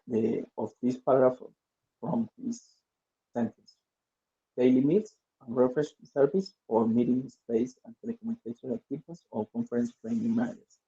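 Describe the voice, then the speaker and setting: A man's voice: mid-range voice, gravelly, warm tone. A male English teacher, reading exercises aloud and drilling word stress in an online lesson. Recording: dull lo-fi audio.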